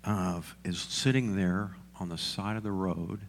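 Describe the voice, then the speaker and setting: A man's voice: sits low, steady tone, slow pace, pauses often, a little hiss or hum. A male pastor preaching a sermon, asking the congregation questions and repeating lines for emphasis.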